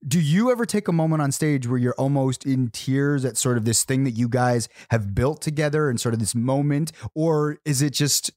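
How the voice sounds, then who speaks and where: A man's voice: medium pitch, moderate pace, hardly any pauses, darkish tone, no echo, studio quality. A man hosting a podcast, casually telling a rambling story full of "like" and restarts. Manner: rambling storyteller, heavy use of "like". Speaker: podcast host. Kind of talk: casual chat.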